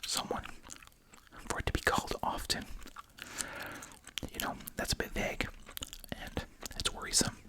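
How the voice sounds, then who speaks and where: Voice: normal speed, pauses often. An ASMR host whispering a chatty, wry commentary while chewing gum, full of asides and rhetorical questions.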